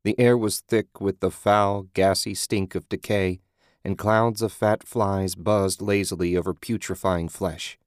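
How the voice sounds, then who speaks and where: A low-pitched man narrating a horror story in a measured, grim manner. The read is close and completely dry, with no trace of a room. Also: steady tone, clean tone, no room sound. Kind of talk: scripted horror audiobook narration.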